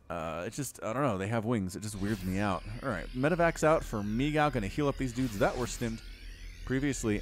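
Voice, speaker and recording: A young man casting a strategy game, chatty and animated, jumping up sharply when the action heats up. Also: medium pitch. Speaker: game caster. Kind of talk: game commentary.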